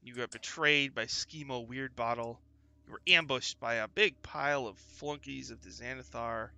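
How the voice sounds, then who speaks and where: A man running a tabletop game as game master, narrating in a loose, halting way with many fillers. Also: mid-range voice, fairly even intonation, gravelly, pushed and bright, clean tone, no echo.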